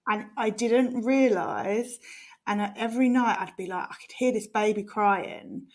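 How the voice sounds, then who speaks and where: A woman's voice: mid-range voice, fairly even intonation, a little slow. A woman co-hosting a podcast, talking earnestly and emphatically in casual chat. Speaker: podcast co-host.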